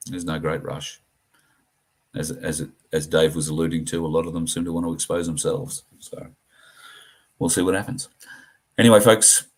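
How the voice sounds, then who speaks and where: A middle-aged man with an Australian accent, hosting a livestream and talking earnestly and plainly to his viewers, with frequent pauses and fillers. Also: extremely low pitch. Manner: earnest, plain-spoken, halting with many fillers. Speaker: livestream host. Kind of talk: casual livestream talk to viewers.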